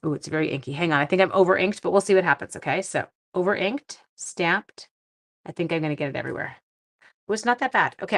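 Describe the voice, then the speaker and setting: Chatty Canadian woman, lowish voice. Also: creaky. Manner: chatty, greets viewers by name, thinks aloud. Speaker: card-making livestream host. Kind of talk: casual live-stream chat while crafting.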